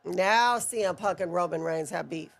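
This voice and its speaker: A woman's voice: lowish voice, moderate pace, creaky. A woman co-hosting a wrestling watch-along, giving live reaction commentary with playful, laughing banter.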